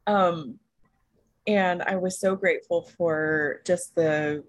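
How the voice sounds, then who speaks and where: A woman's voice: fairly low pitch, fairly even intonation, measured pace, low-quality recording. A woman coaching student sharing a story from a session on a group call, thoughtful and casual. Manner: thoughtful storytelling, laughs softly.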